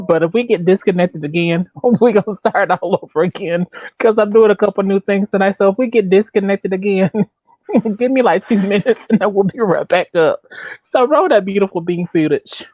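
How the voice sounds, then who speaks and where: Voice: medium pitch, moderate pace, no room sound, lo-fi sound. The host of a casual livestream talk show, chatting loosely with guests and laughing often.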